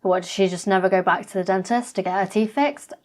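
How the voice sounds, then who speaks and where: A woman's voice: medium pitch, fairly even intonation, fast talker. A woman reacting to a reality TV episode in a blunt, chatty way, swearing freely. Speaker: reaction vlogger.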